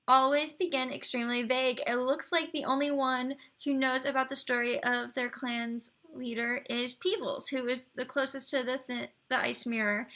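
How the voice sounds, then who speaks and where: A young woman hosts a casual live stream in a high-pitched voice. Her tone is bright and lively, and she chats easily as she reads out game profiles and viewer messages. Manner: chatty, reads viewer chat and profiles aloud, talks to her computer. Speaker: livestream host reviewing game profiles.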